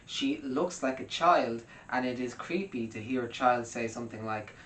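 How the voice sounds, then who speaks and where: A man's voice: moderate pace, a bit bright. A man giving a wry, analytical music commentary as scripted narration. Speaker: music video essayist. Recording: roomy, distant mic with faint rumble.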